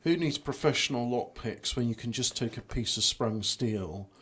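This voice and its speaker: A man's voice: mid-range voice, moderate pace, fairly bright tone, husky. A man giving rambling, self-mocking commentary while playing a video game. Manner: self-mocking, trailing off, lots of restarts. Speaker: gameplay streamer.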